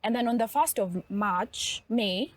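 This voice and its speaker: A woman's voice: on the high side, a little slow, a little hiss or hum. A woman on a podcast, telling a personal story in an earnest, emotional way. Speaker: podcast co-host. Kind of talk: podcast conversation.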